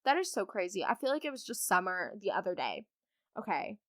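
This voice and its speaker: A woman's voice: medium pitch, very animated, a little fast, dry recording. A young woman hosting a podcast, chatting casually through listener stories with lots of likes and ums. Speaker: podcast host. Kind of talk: casual storytime chat.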